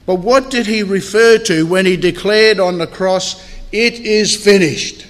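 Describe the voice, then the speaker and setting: A man preaching a sermon in a church hall, earnest and measured, with deliberate pauses. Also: high-pitched. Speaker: pastor. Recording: long hall reverb.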